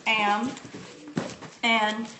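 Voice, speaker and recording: A woman's voice: a little high, level tone, very slow. A homeschooling mother demonstrating a reading book on a casual live stream, chatting and answering viewers' comments with plenty of fillers. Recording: echoey room with faint background noise.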